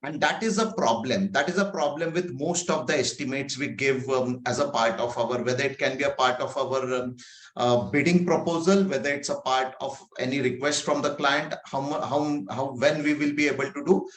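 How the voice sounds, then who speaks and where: A man's voice: mid-range voice, normal speed, reverberant. A man from India, an agile coach, leading an online training session in a conversational way, with many fillers and rhetorical questions. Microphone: video call.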